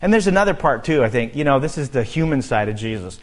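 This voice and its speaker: A man preaching through a scripture passage in a mid-pitched voice. He reads each verse and then talks it over in a loose, conversational way, thinking aloud as he goes. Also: very animated, fast. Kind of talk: verse-by-verse Bible teaching.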